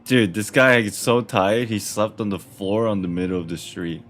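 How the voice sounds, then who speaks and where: A man's voice: fairly low pitch, moderate pace, fairly bright tone, faint music behind. Chatty male gaming streamer. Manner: chatty, joking, reacting aloud. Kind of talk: casual gameplay commentary.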